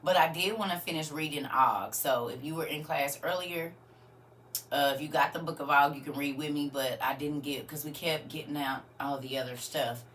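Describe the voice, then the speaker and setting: Woman livestream host, low voice, chatty and laughing, talks back to the chat. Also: normal speed, a bit bright, a little hiss or hum. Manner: chatty, laughs often, answers viewer comments. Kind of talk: casual livestream chat with viewers.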